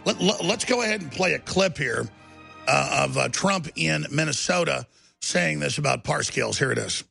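A man's voice: on the high side, expressive, moderate pace, vocal fry, music in the background. A man hosting a talk radio show, delivering an emphatic, rambling monologue full of restarts.

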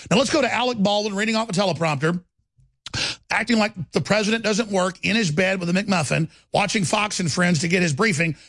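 A male talk radio host rants in heated, combative commentary, often repeating himself. His voice sits high with a gravelly edge. The sound is dry and close. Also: fairly bright tone, no room sound. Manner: ranting, combative, repeats words.

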